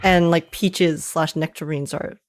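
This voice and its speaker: A woman's voice: sits low, steady tone, a little slow, faint music behind. A woman hosting a casual live-stream podcast, chatty and scatterbrained, laughing often as she talks. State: tired after oversleeping. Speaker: streamer host.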